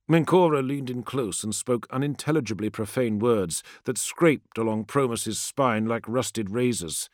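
A man giving dramatic, expressive audiobook narration. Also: medium pitch, measured pace, few pauses, no room sound, studio quality. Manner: expressive storytelling.

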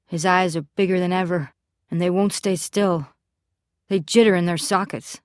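An audiobook narrator, a woman with a fairly low voice, tells a first-person story in a measured, steady way. The recording is dry and close, as in a studio booth, with nothing surrounding her voice.

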